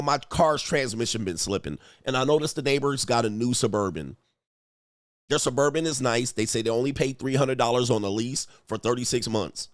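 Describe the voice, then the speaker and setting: A man's voice: mid-range voice, dry recording, clean studio sound. A man giving casual relationship-coach commentary on online comments, blunt and profane, mimicking the men he quotes.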